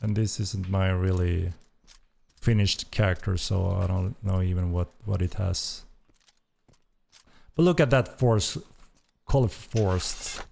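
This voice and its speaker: A man's voice: low voice, unhurried, vocal fry, long pauses, a little mellow, a little hiss or hum. A man hosting a game developer stream, giving enthusiastic live commentary as he plays and repeating his praise. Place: at a computer playing the game.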